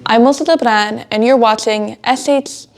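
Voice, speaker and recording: A woman's voice: fairly high pitch, normal speed, slight background noise. A teenage girl hosting a student school show, giggling and flustered as she keeps slipping on her lines in outtakes. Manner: giggly, flustered by slip-ups.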